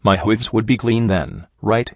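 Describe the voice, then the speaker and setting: A man voicing a weary, soft-hearted female pony heroine in an even, gentle voice. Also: lowish voice, a little slow, slightly rough, dry recording. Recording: dry, slightly dull home recording.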